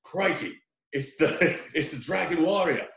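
A man's voice: fairly high pitch, a little slow, gravelly, a bit bright, reverberant. A man voicing a brash male ninja leader with a put-on Australian accent, barking orders. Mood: bossy.

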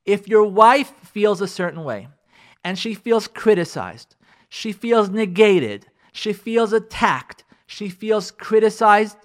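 Slow-paced but animated, his high-pitched voice carries a radio class on marriage in the Torah. The rabbi hammers points home repetitively, mixes in Hebrew and Yiddish, and plays out listeners' imagined voices.

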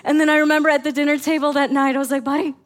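A middle-aged woman pastor preaching a sermon, telling family stories in an animated way and acting out her own lines. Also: high voice, racing. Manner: animated storytelling, acts out her own quotes.

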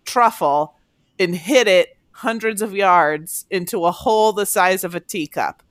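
A woman hosting a casual podcast with her husband, playful and quick to laugh. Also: medium pitch, no echo, studio quality. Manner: playful, giggly, animated. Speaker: podcast host. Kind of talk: casual chat.

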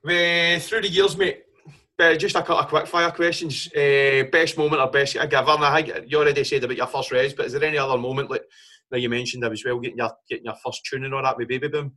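A man hosting a casual interview, asking relaxed questions and giving short responses. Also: medium pitch, fast talker. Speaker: podcast host.

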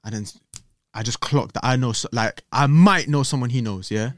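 A young man spins his stories at a quick clip, voicing the people in them. His voice sits in the middle of the male range, and the studio sound is dry and close with little room echo. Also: medium pitch. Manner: animated, acts out voices in his stories, London slang. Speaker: podcast guest. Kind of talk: casual storytelling chat. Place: podcast studio.

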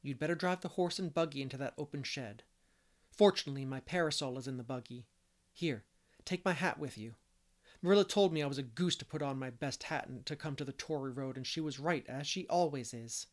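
A man's voice: mid-range voice, a little fast, close to an everyday voice. A man voicing an imaginative, talkative young girl who speaks earnestly and fancifully.

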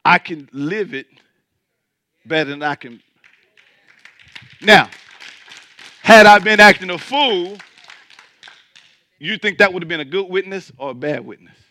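A man's voice: high voice, measured pace, long pauses, pushed and bright, no room sound. A male pastor preaching a sermon to his church, in a colloquial, joking way.

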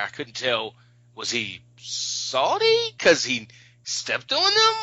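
A man's voice: medium pitch, bright, forceful tone, no echo, muffled recording. A man in casual chat, puzzled as he recalls a scene.

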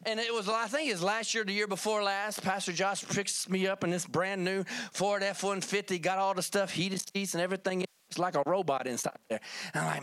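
A man's voice: high-pitched, steady tone, brisk, a bit bright, no echo. A man from Kentucky telling a folksy testimony in a sermon, calling on the church for amens. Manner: folksy storytelling, calls for amen. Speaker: preacher.

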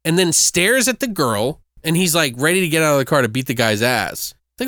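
Brief: chatty male co-host, dry close sound, lively swings in pitch, swears freely. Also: fairly quick, no echo. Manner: animated, swearing, laughing storyteller. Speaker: podcast co-host. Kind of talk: casual movie recap chat.

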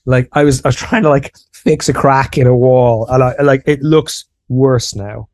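A man's voice: mid-range voice, steady tone, moderate pace, darkish tone, no echo. An Irish man co-hosting a podcast, talking casually and self-deprecatingly, explaining ideas with lots of restarts. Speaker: podcast co-host.

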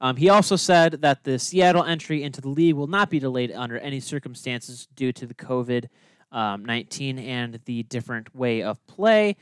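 A man's voice: medium pitch, normal speed, clean tone, no room sound. A young man co-hosting a sports podcast, reading the news in a dry, exasperated way. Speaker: podcast co-host.

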